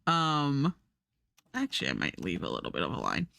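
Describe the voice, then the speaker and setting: A woman's voice: extremely low pitch, huge pitch swings, moderate pace, creaky, sharp tone, no room sound. A woman streamer chatting casually while she draws, rambling and laughing often. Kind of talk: casual live-stream chat while drawing. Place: home streaming setup.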